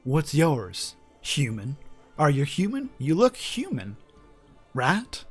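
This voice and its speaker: A man voicing a sly cat-folk traveler in a tabletop game, asking slow, teasing questions. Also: on the high side, wildly swooping pitch, slightly rough, faint music behind, exaggerated voice.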